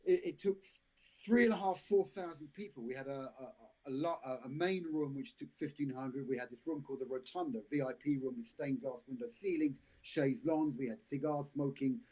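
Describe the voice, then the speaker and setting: Speaking briskly in a medium-pitched, slightly mellow voice, a male actor guests on a podcast for a casual storytelling interview. His long anecdotes wander, break off into restarts, and are dotted with laughter, all captured on lo-fi live stream audio.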